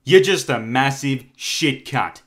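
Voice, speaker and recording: A man's voice: medium pitch, expressive, slow, a bit bright. An Australian man hosting a comedy video, crude and blunt, swearing often. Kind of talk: comic sketch and channel outro.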